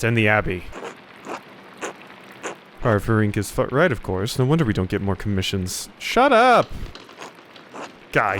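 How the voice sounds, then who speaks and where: A young man playing a game, reading its dialogue aloud and adding sarcastic commentary with sudden loud outbursts. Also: fairly low pitch, slight background noise. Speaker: let's play commentator.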